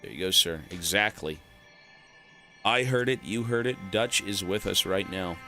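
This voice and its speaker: A man with a deep, unhurried voice streams a video game over music, chatting casually with viewers, cracking jokes, cursing a lot and rambling on.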